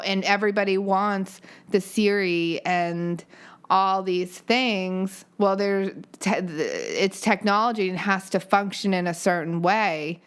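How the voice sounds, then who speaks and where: A woman's voice: fairly low pitch, clean tone. A woman co-hosting a casual podcast chat, blunt and opinionated with frequent swearing. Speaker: podcast co-host.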